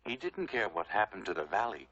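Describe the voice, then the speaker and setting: A man's voice: fairly low pitch, brisk. Genial man telling a fairy tale. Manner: genial, lively storyteller. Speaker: narrator and ventriloquist. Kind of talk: storytelling for a film. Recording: dull 1940s film soundtrack with music.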